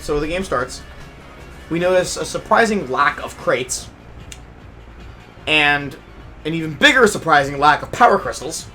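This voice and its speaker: A young man telling a story in casual chat, animated and profane, swinging from low mutters to loud outbursts. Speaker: podcast host.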